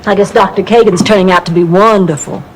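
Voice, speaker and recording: A woman playing a feisty, wisecracking elderly mother, telling stories in a blunt, sharp-tongued way in a sitcom. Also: medium pitch, steady tone, fast, slight background noise, close to an everyday voice, low-quality recording. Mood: wry. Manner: sharp-tongued storytelling with punchlines. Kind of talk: sitcom acting.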